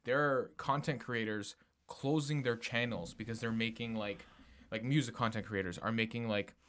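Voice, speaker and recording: A man co-hosting a casual podcast, talking in animated bursts, swearing often and laughing. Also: mid-range voice, normal speed, a little hiss or hum. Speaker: podcast co-host.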